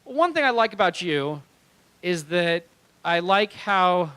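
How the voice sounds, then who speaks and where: A young man with a high, bright voice doing stand-up on a small club stage. He rambles through his stories with animated energy and keeps laughing at his own lines. He speaks into a handheld stage mic. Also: slow pace, smooth, dry recording, rough recording. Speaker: stand-up comedian. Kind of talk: stand-up comedy.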